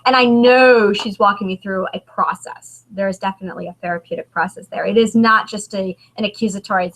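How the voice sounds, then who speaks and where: A woman in her thirties speaks as a guest author in a candid conversation. She halts and restarts often as she talks. Her pitch sits in the middle range. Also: fairly even intonation, fairly bright tone, poor audio. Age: 30s. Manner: halting, emotional, many restarts.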